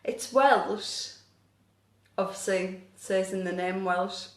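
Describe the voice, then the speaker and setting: On a live stream in an echoey room, a woman chats casually, reading viewer comments aloud and answering questions about her hobby. She's self-deprecating and apologetic, speaking slowly at a medium pitch.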